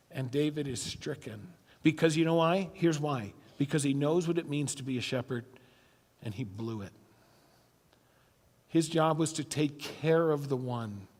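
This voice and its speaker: A male pastor delivering a sermon, telling a scripture story with emphatic stretches that fall to a hushed tone. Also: medium pitch, unhurried. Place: church sanctuary. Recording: church hall reverb.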